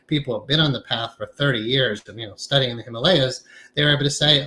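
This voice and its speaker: A man giving a conversational lecture on meditation to a class, talking in a relaxed, reflective way with some fillers. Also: mid-range voice, quick pace, rough recording. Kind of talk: casual lecture.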